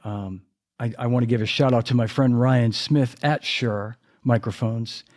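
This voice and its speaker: A man's voice: mid-range voice, a little slow, darkish tone. A man hosting a casual live stream from his home drum room, talking in a rambling, self-deprecating way as his voice starts to go. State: losing his voice. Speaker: podcast host and drummer.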